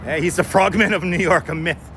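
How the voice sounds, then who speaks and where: A man's voice: high voice, brisk, sharp tone. A man live streaming while walking city streets, chatting casually, joking and greeting viewers by name. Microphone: wireless clip-on mic. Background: faint city traffic.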